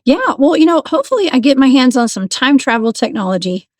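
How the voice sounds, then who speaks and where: A woman, a paranormal investigator telling her stories as a guest in a casual, animated way. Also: high-pitched, quick pace, no room sound, clean studio sound. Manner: animated, laughs often, restarts sentences. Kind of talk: casual storytelling.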